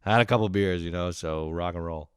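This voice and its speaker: A very deep, smooth male voice delivering a profane, sarcastic rant straight into a close mic. The sound is dry, with no room echo. He talks loosely and casually, like a podcast host complaining to his listeners. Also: fast.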